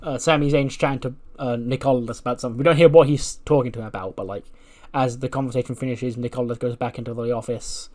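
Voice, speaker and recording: A man's voice: mid-range voice, fairly even intonation, fast talker, hardly any pauses, dark tone. Chatty man narrating a game recap. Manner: chatty, laughs often, with fillers. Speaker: let's play narrator. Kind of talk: casual story recap of a game save.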